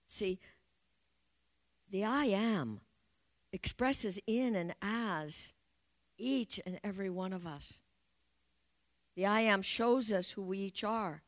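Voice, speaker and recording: A woman giving an Easter sermon as a spiritual teacher, speaking in slow, affirming and prayerful phrases. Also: medium pitch.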